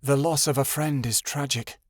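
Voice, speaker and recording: A man voicing a mysterious she-wolf who speaks quietly and solemnly. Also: medium pitch, fairly even intonation, normal speed, no room sound, clean studio sound, voice pushed up, natural voice. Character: mysterious sandy she-wolf, calm and commanding.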